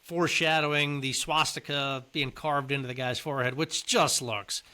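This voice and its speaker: A man's voice: medium pitch, steady tone, normal speed, pushed and bright. A man co-hosting a casual podcast chat, conversational and often putting questions to his partner. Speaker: podcast co-host.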